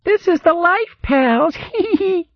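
A man's voice: very high-pitched, animated, slow pace, dry recording, muffled recording, voice pushed up, full character voice. A man voicing a nasty young water rat who mimics others in a sing-song voice with tittering. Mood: mocking.

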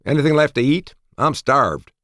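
A man's voice: medium pitch, expressive, normal speed, a bit bright, no room sound, clean studio sound, voice pushed up, close to an everyday voice. A man voicing a sleepy, childlike, always hungry young man who talks in a groggy, whiny way. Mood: eager.

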